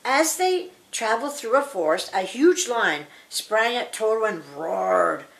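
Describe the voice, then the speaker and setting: An older woman reading a children's picture book aloud, slow and expressive. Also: on the high side, vocal fry. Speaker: storybook reader.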